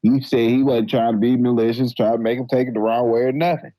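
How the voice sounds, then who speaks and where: A man co-hosting a casual podcast, calmly explaining his opinion in a laid-back way. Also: medium pitch, fast talker, dry recording, low-quality recording. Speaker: podcast co-host. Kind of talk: casual debate chat.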